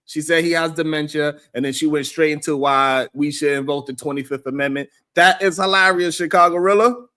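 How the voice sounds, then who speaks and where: Brief: live-stream host, higher-pitched voice, loose animated chat delivery, reads and answers viewer comments. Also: male voice, a little fast.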